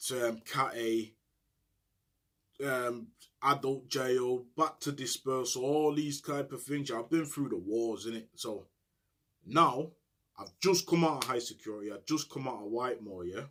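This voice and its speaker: A man's voice: medium pitch, measured pace. A middle-aged man telling stories in casual street slang, often asking "you get me". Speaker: storyteller. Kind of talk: casual storytelling monologue.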